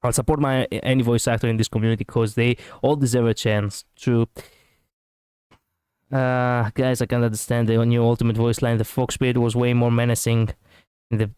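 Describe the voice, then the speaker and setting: This is a chatty streamer with a smooth, clean voice who laughs often as he reacts. The sound is dry and close to the mic. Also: mid-range voice, level tone, normal speed, darkish tone, dry recording. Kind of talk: casual reaction commentary.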